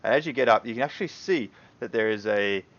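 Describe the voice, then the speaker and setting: A man's voice: on the low side, expressive, fast talker, a bit bright, muffled recording. A man narrating as game master in a loose, casual way, full of fillers and hedging words.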